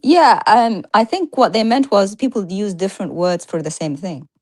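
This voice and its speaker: A woman co-hosting a live-streamed talk show, arguing emphatically in casual chat with rapid-fire rhetorical questions. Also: medium pitch, animated, no echo.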